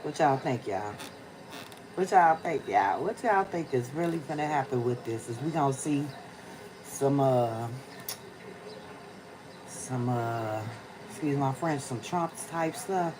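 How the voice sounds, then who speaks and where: Low-voiced, slow-talking woman livestreaming. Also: animated, noisy background. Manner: chatty, slangy, addresses viewers as y'all. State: tired, yawning. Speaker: livestream host. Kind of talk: casual livestream chat. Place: outdoors on a rainy day.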